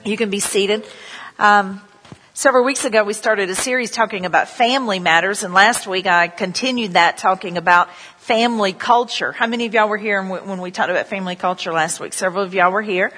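A middle-aged woman preaches in a relaxed, storytelling way, drifting into friendly asides as she goes. Her voice rings out with a long reverb in a church hall, at a medium pitch for a woman. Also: a little fast. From southern United States. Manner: chatty, storytelling, many "you know" asides. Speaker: pastor. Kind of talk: sermon with prayer and personal stories.

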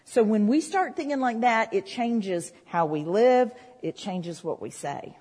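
Woman, sermon, conversational preacher, breathy tone, church hall with long reverb. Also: mid-range voice, lively intonation, a little slow, dark tone. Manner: conversational, talks with the congregation.

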